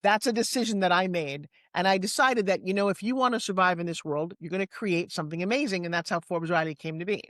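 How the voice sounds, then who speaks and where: A woman in her sixties with a New York accent, a guest telling personal stories in a lively, candid way with quick asides. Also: on the low side, no echo, clean studio sound. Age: 60s. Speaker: interview guest. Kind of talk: personal storytelling in conversation.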